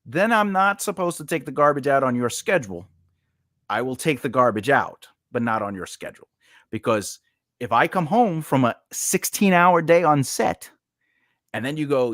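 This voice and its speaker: A man's voice: medium pitch, normal speed, no room sound. A man talks casually and tells stories with energy, acting out both voices in everyday quarrels. His voice sits in a middle register. The recording is close and dry, with no room sound. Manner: animated storyteller, acts out both sides of arguments. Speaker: comedian and actor. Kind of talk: casual chat.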